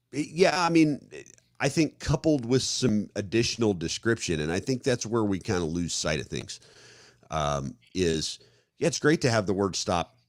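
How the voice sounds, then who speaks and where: A man's voice: fairly low pitch, no room sound, studio quality. A man from the American Midwest co-hosting a podcast, talking casually and rambling with many restarts as he acts out everyday scenarios. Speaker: podcast co-host. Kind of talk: casual conversational discussion.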